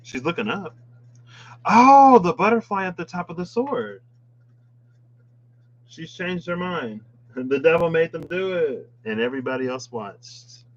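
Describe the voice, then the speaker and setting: A man's voice: fairly high pitch, lively intonation, normal speed, muffled recording. A man reading tarot cards in a casual chat, musing aloud with playful asides. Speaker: tarot reader. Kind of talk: casual tarot deck walkthrough.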